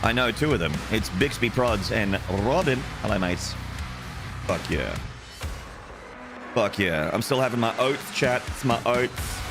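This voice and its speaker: Playful streamer man, lively pitch. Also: a little slow, pauses often, over music. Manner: playful, banters and swears while greeting chat. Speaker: gaming streamer. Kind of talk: casual live-stream chat.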